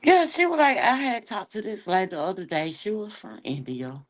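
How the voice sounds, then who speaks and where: A woman from Atlanta with a Southern accent, chatting sassily with her livestream viewers and telling animated stories full of slang. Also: medium pitch, normal speed. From Atlanta, Georgia. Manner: sassy, animated storytelling with slang. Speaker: livestream host. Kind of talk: casual chat with viewers.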